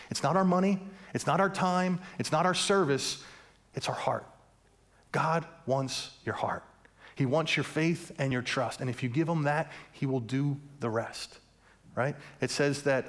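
A male pastor delivers a sermon in a somewhat high voice. He keeps asking the congregation to answer him and slips in light jokes between his points. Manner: preaching with call-and-response questions and humor.

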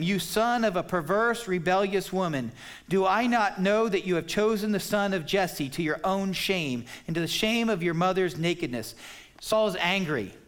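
A man's voice: on the high side, a bit bright. A man preaching an expository sermon, explaining scripture in a plain, conversational way. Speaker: pastor.

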